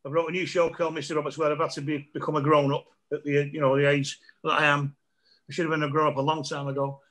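A man's voice: fairly high pitch, level tone, fast talker, a bit bright. Laughing middle-aged man telling rambling stories. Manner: laughing often, rambling anecdotes with asides. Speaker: comedian guest. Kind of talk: casual storytelling chat over a video call. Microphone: video call.

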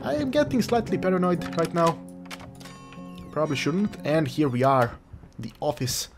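A man's voice: fairly high pitch, sing-song, normal speed. Man joking through a horror game. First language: Croatian. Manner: jokey, rambling, talks to the game. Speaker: let's play gamer. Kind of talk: casual gameplay commentary. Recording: game music behind.

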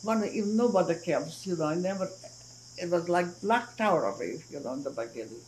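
An older woman from Hungary giving her testimony in a recorded oral history interview, speaking haltingly, with frequent restarts and soft murmured agreement. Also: on the low side, lively intonation, a little hiss or hum, poor audio. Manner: acts out family dialogue when retelling it. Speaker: Holocaust survivor giving testimony.

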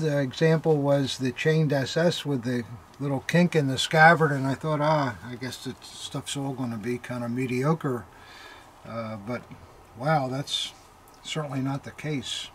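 Faint background noise runs under this casual unboxing chat from an older militaria dealer with a mid-range voice. He hesitates often, filling gaps with fillers and breaking into amazed remarks in a relaxed way.

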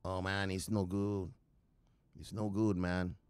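A man imitating a glum Cuban man who pleads for help in slow, quiet, broken English. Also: sits low, little pitch movement, smooth, no room sound.

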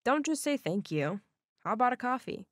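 A woman voicing a charming, protective teenage boy in an animated story, speaking calmly and teasingly. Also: on the high side, moderate pace, dry recording, clean studio sound.

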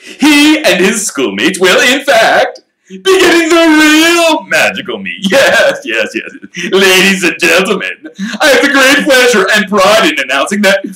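A man voicing a vain, showy male celebrity wizard author in a pompous, booming, theatrical way. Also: wildly swooping pitch, measured pace, bright, forceful tone, reverberant, full character voice, poor audio. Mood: grandstanding.

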